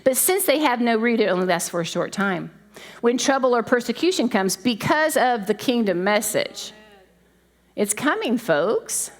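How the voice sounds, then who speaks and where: Middle-aged female preacher, conversational sermon, high voice with a wide, lively pitch range. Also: normal speed. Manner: animated, conversational, laughing asides. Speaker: pastor's wife preaching.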